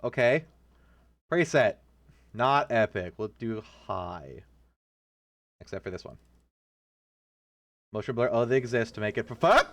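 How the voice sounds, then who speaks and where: A man chats his way through a horror game with casual, profane humor. His pitch swings widely, jumping high on sudden jokes. A faint hiss sits under the voice. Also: very animated, unhurried, pauses often, fairly bright tone. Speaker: streamer. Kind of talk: casual gameplay commentary.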